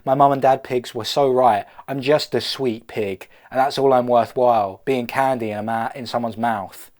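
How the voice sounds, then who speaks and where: A man's voice: fairly high pitch, sing-song, brisk, voice pushed up. A man voicing a sweet, self-pitying male pig who talks in a mopey, melodramatic way.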